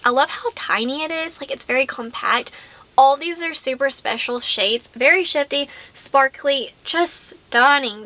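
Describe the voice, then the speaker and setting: A woman's voice: a little high, bright, forceful tone, no echo. A young adult woman giving a chatty, gushing product review to camera, full of fillers and self-corrections. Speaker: beauty vlogger.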